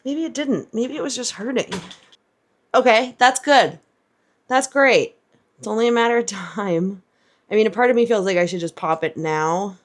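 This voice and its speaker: A woman vlogging about her running, talking candidly and chattily with lots of "like", worn out after a hard run and filming outdoors. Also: mid-range voice. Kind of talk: casual vlog chat.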